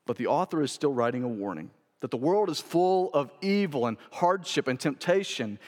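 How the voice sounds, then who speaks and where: A male pastor preaching a sermon, stressing key phrases by repeating them and moving from loud to hushed. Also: medium pitch. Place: church sanctuary. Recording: long reverb of a church hall.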